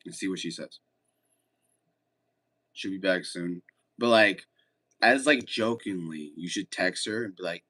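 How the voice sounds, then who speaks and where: A man's voice: lowish voice, normal speed, sharp tone. A man streaming casually, chatting with viewers and joking around in a laid-back way. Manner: laid-back, joking, reads chat aloud. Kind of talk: casual livestream chat.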